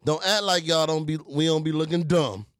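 A man co-hosting a podcast in casual chat, loud and profane, laughing often. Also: fairly high pitch, a little fast. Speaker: podcast co-host.

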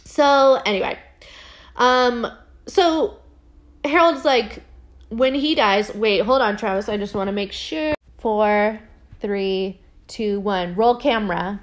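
A woman hosting a casual podcast, recapping a TV episode in an animated, giggly way, with a filler-heavy delivery. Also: mid-range voice, slow pace. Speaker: podcast host.

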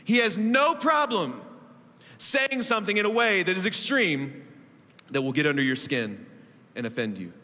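A man in his thirties preaching a sermon as pastor, emphatic, with laughing asides and big swings between loud and soft. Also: high voice, animated, normal speed, pauses often. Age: 30s. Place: church auditorium. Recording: echoey hall reverb.

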